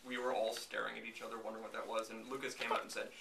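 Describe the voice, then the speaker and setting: A man's voice: lowish voice, flat delivery, rapid-fire, vocal fry, recorded from a distance. A man hosting a casual, snarky chat about movies, rambling with many fillers. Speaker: podcast host. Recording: echoey room, off-mic, faint noise.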